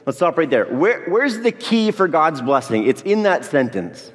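A pastor preaches to his congregation in a church sanctuary, joking and addressing the people directly. His voice is on the high side and breathy at the edges, swinging widely in pitch at a normal speed. The hall's long reverb carries through the recording.

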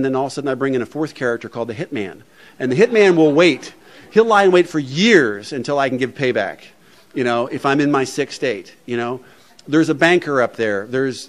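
A man speaking to a recovery meeting in a plainspoken, humorous, conversational way, often saying "you know". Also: medium pitch. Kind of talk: speech to a meeting. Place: meeting room before an audience.

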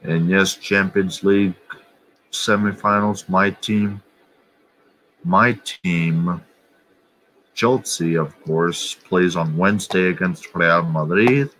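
A man's voice: sits low, fairly bright tone, poor audio. A man vlogger talking casually and bluntly about soccer and other channels, swearing offhandedly. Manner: slow, offhand, blunt and profane. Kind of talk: casual chat.

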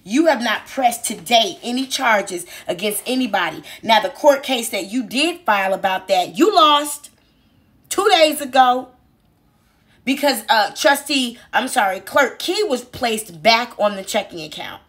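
Woman, sarcastic commentary, mocking teacher tone, slightly high voice. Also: animated, unhurried, fairly bright tone. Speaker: online commentator.

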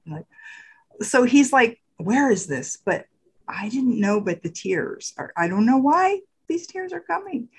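A middle-aged woman with a slightly low voice recounts memories in a relaxed interview. She talks softly and often trails off, then leaps up in pitch when she acts out what someone said. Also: rough recording. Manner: animated, acts out quotes with big pitch jumps. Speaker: guest sharing her spiritual path. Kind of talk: casual storytelling in an interview.

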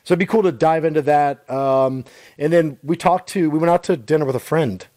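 A man's voice: fairly high pitch, fairly quick, a little mellow, no echo. A man in his thirties co-hosting a podcast, talking earnestly in a casual, rambling way with many restarts. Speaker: podcast co-host. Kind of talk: casual chat.

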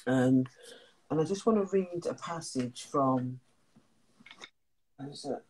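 A woman's voice: low-pitched, slow, a little mellow, slight background noise. A woman hosting a talk, speaking openly and emotionally before reading a passage aloud. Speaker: host and wellness coach.

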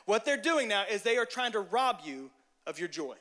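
A man giving a relaxed, conversational sermon with a notably high voice. He jokes and addresses the listeners directly, with lively energy. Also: moderate pace. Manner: lively, joking, talks straight to the audience. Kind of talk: casual sermon.

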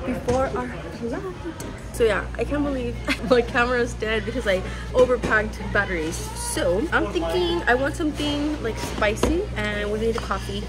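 High-voiced chatty woman vlogger. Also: moderate pace, loud music behind the voice. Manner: chatty, laughs often, slips into Spanish words. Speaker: vlog host. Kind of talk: casual chat to camera. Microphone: phone.

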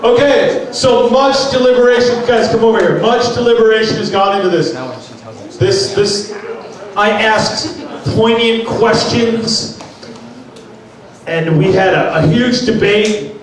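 A man hosts an announcement to a group, joking around as he goes. His voice sits high for a man. He is picked up from a distance in an echoey room, with a crowd audible behind him. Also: a little slow. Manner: joking, playful. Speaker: host. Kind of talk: hosting an announcement.

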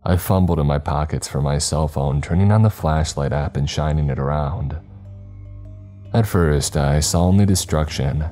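Very deep-voiced man narrating horror. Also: warm tone, faint music behind. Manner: slow, measured storytelling.

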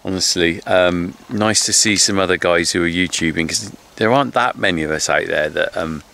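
A man's voice: low-pitched, moderate pace, creaky, pushed and bright. A man vlogging about farming, talking in a chatty, rambling way with lots of fillers, recorded outdoors by a cottage. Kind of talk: casual chat.

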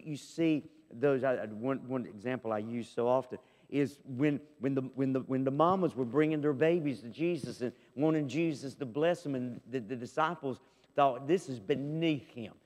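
A man preaching a sermon as pastor, emphatic and swinging between loud and soft. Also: mid-range voice, normal speed, long reverb tail. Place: church sanctuary.

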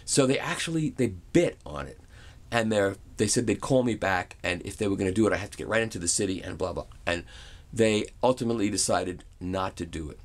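A middle-aged man casually telling an amused anecdote, with frequent restarts. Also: fairly low pitch. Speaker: audio reviewer and vlogger. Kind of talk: casual storytelling.

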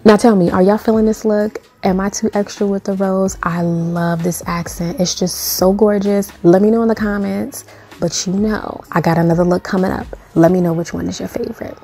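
A woman's voice: mid-range voice, steady tone, normal speed, creaky, dark tone. A young woman talking through a hair tutorial in a sassy, playful, chatty way. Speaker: beauty vlogger.

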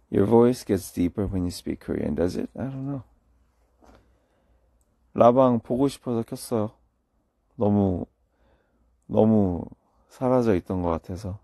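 Sleepy young guy on a phone live stream reading comments, mellow low voice, bit of fry. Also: lively intonation, racing, long pauses, no echo, studio quality. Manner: low-key, murmured, answers comments in English and Korean. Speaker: singer on a livestream. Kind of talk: casual livestream chat reading comments. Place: indoors, late at night. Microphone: phone livestream.

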